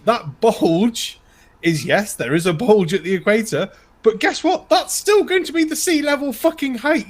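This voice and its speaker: A panelist on a casual live stream, exasperated and swearing freely. The pitch swings widely from line to line. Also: expressive, normal speed, slight background noise.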